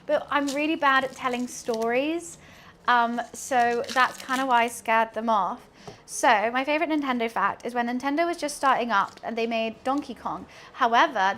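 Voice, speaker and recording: A young woman with a British accent chats through a cooking livestream. Her voice sits high, and she tells long, excitable stories that keep trailing off into laughter. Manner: rambling, excitable storytelling with frequent laughter. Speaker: streamer. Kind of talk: casual chat while cooking on a livestream.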